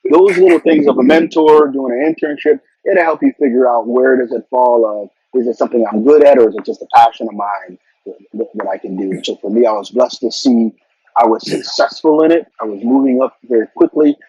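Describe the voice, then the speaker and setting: A man's voice: medium pitch, a little fast, mellow, slightly rough, no room sound. A middle-aged man, a marketing executive, giving earnest career advice in a casual interview and often repeating words as he talks. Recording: dull, lo-fi sound.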